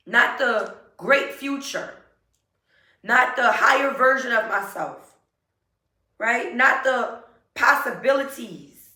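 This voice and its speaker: Woman doing a slow, emotional pep talk, bright voice, echoey room a bit off mic. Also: a little high. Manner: earnest, repetitive affirmations, emotional. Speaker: self-help vlogger. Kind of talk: motivational talk to camera. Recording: roomy echo, a bit far from mic.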